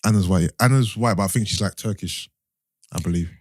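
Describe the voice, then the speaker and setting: Low-voiced measured man. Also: a little mellow, dry recording, clean studio sound. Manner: measured, thinks aloud with fillers and hedges. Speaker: podcast co-host. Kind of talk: casual chat.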